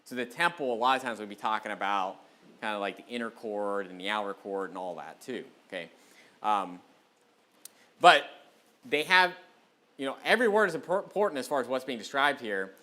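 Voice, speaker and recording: A man giving a casual, rambling sermon as a pastor, with many fillers and restarts, who reads scripture aloud slowly and with more force. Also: mid-range voice, lively intonation, bright, forceful tone. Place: church sanctuary.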